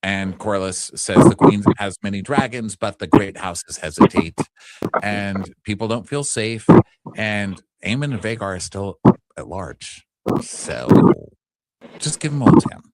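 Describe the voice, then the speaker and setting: A man's voice: fairly low pitch, unhurried, low-quality recording. A man co-hosting a casual podcast, joking through a recap and throwing in character voices. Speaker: podcast co-host.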